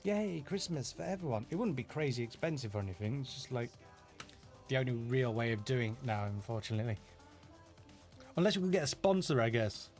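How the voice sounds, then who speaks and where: A man's voice: medium pitch, animated, fairly quick, long pauses, darkish tone, faint music behind. A middle-aged man from Yorkshire with a Yorkshire accent, casually answering viewer questions in a live Q&A, chatty and self-deprecating with lots of fillers and restarts. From Yorkshire, England.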